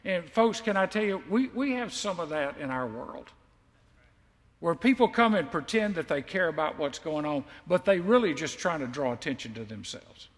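Male pastor, high voice, sermon delivery; emphatic swells and quiet asides, echoey church. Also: animated, moderate pace. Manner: emphatic, swells loud on key lines, then drops quiet and confiding. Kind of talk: sermon, reading scripture with commentary.

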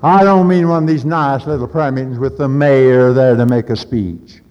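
A man preaching a sermon with fervent urgency, building to loud peaks and dropping in folksy asides. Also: mid-range voice, moderate pace. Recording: old lo-fi recording in a reverberant hall.

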